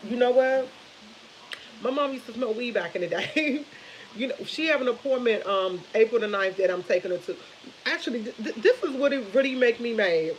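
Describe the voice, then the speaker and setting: A woman's voice: a little high, lively intonation, brisk, a little hiss or hum, poor audio. A woman chatting casually on a live stream, rambling and retelling conversations with family. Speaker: vlogger.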